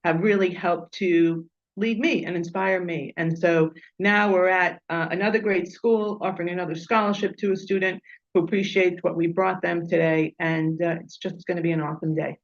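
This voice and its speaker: A woman's voice: lowish voice, fairly even intonation, normal speed. A middle-aged woman, founder of a nonprofit, speaking earnestly as a radio guest. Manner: earnest, heartfelt. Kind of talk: radio interview. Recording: dull lo-fi sound.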